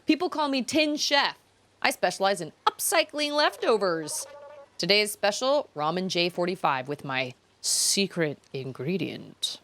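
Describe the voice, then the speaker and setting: A woman voicing an upbeat male robot chef in a video game, with bright salesman patter. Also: medium pitch, lively intonation, measured pace. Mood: cheery.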